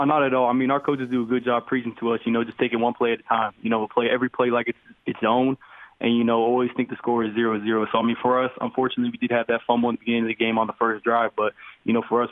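A young man and college football player, answering interview questions quickly with lots of fillers over a phone line. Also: mid-range voice, level tone, no room sound. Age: young adult. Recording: tinny dry phone line.

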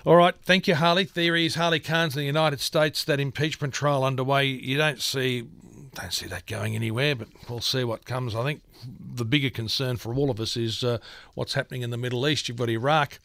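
Radio host guy, brisk chatty news talk, dead dry studio mic. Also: mid-range voice, fairly even intonation, fairly bright tone, dry recording.

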